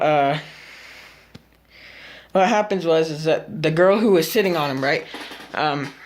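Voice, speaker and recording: A teenage boy vlogging, casually telling a story to the camera, animated and full of swearing as he acts out what happened. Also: on the high side. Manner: animated, profane, acts out the scene.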